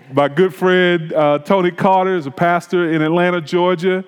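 A man with a slightly high voice preaches a sermon in a large hall with a long reverb tail. He tells a personal story in a relaxed, conversational way and turns reflective at points. The delivery stays plain and unscripted. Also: slow pace, clean tone, muffled recording. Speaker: pastor.

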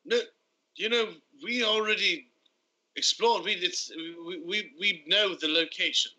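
Man, very bright voice, slightly high, playful tabletop player. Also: a little slow, low-quality recording. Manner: playful, repetitive and jokey. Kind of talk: casual tabletop play.

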